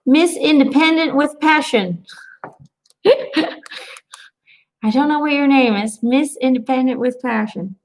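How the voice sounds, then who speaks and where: Chatty woman with a gravelly edge. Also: high voice, slow pace, long pauses, poor audio. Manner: chatty, animated storytelling with quoted asides; reassuring, addresses viewers directly. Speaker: intuitive card reader. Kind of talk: live-stream angel card reading.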